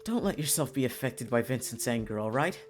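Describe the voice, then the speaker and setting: Give me a kind, soothing young man read by a streamer from a visual novel, middle pitch, faint music underneath. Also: expressive, a little fast, close to an everyday voice. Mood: gentle. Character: gentle young man, soothing twin brother. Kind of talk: reading a visual novel aloud.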